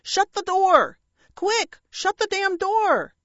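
A woman's voice: a little high, very animated, measured pace, a bit bright, no echo, dull audio, full character voice. A woman voicing a rude, foul-mouthed male pet parrot who snaps and bawls orders in an audiobook reading. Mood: shrieking, scolding. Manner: snappish, bawling, cursing.

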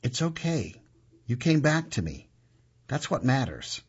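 A man voicing a calm, kind young woman who speaks gently and reassuringly, on a dull lo-fi recording. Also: medium pitch, unhurried, slightly rough, full character voice. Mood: tender.

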